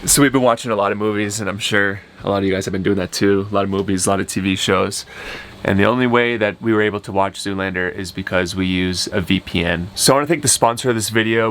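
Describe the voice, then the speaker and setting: A man's voice: on the low side, fairly even intonation, fast, vocal fry, fairly bright tone, slight background noise. A young man chatting casually in a travel vlog and reading a sponsor spot in an easygoing, joking way. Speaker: vlogger.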